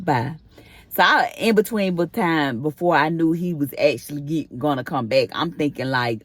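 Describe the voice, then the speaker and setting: Low-voiced woman telling a storytime. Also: moderate pace, dry recording. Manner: chatty retelling with acted-out quoted dialogue. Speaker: vlogger. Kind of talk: casual storytime.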